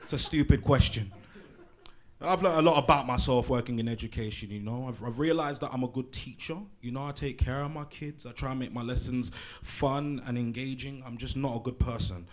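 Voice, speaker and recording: Young man, stand-up comic, crude, swears a lot, teases the crowd, mid-pitched voice. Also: a little fast, few pauses. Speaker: stand-up comedian. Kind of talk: live stand-up set. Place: small comedy club in a pub.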